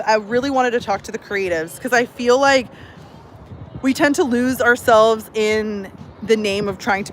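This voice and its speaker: A bubbly, chatty woman in her thirties talks casually to her livestream viewers from a phone, her voice sitting at an ordinary middle pitch. Faint traffic noise from outdoors hums behind her. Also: rough recording. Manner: bubbly, chatty, many fillers. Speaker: personal growth coach.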